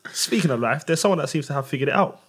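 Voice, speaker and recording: Husky, rapid-fire co-host in his twenties, lively and playful. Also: fairly high pitch. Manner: playful, joking banter. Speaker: podcast co-host. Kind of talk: casual chat.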